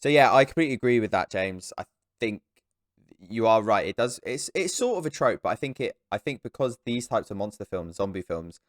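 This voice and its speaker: A young man co-hosting a casual film podcast, animated and swearing, often jumping into high mocking voices. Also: brisk, dry recording, clean studio sound. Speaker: podcast co-host. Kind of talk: casual film review chat.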